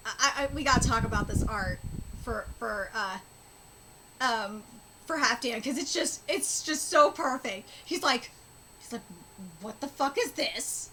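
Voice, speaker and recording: A woman streaming a live manga reaction, reading aloud and talking excitably, swearing and stammering as she goes. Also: on the high side, unhurried, poor audio. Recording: steady background noise.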